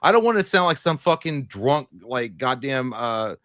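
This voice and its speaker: A man co-hosting a casual live movie chat, rambling and excitable, swearing freely. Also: medium pitch, moderate pace, no echo, studio quality. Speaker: co-host.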